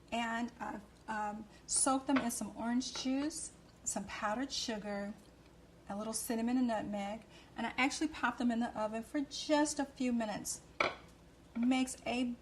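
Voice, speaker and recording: Woman host of a cooking show, bubbly and effusive, slightly high voice. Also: a little hiss or hum. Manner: gushing and effusive. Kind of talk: cooking demonstration.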